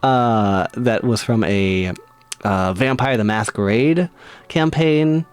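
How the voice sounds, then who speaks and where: A man's voice: mid-range voice, slow, clean tone. A man streaming live, chatting casually and reading tarot cards, giggly and rambling with frequent laughs.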